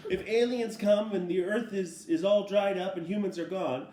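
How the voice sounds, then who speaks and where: A middle-aged man, a father, casually telling a family story in a relaxed, rambling way, laughing often as he goes. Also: high voice, slight background noise. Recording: roomy echo.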